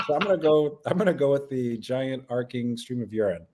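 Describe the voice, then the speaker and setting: A man's voice: medium pitch, moderate pace, hardly any pauses, mellow, slight background noise. Wry, joking man in casual chat. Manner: jokey, wry quips. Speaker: podcast co-host.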